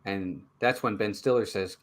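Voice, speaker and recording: A man's voice: fairly low pitch, moderate pace. A man co-hosting a movie review show, chatting casually and acting out the characters' lines as he retells the plot. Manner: animated storyteller, acts out characters' lines.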